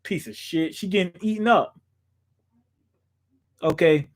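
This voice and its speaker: A man's voice: high-pitched, unhurried. A young man streaming from a small room at home, talking casually and profanely, thinking aloud with lots of fillers. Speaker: streamer reacting to a manga chapter. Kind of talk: casual live-stream chat.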